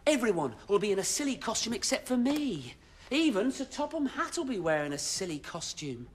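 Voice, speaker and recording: A man acting in a children's programme plays the cheerful, fussy engine driver, chatting to viewers with exaggerated expression. His high, sing-song voice moves briskly, and a little hiss or hum sits under the recording.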